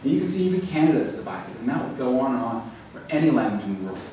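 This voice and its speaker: A man giving a lively, conversational public lecture to a library audience, then taking questions. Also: medium pitch, rapid-fire. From American South. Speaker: author giving a library talk. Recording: roomy echo, distant mic, faint background noise.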